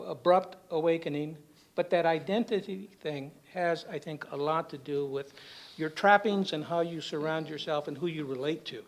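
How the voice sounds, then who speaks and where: A man on a university panel, recounting a personal anecdote with humor and asides to the audience. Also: on the high side. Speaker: symposium panelist. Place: university symposium hall.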